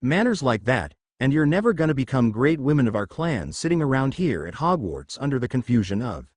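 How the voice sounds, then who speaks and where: A man's voice: mid-range voice, very animated, brisk, no room sound. A man reading the lines of a scornful middle-aged witch woman with a slight Southern US accent, in a storybook reading. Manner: scornful, commanding.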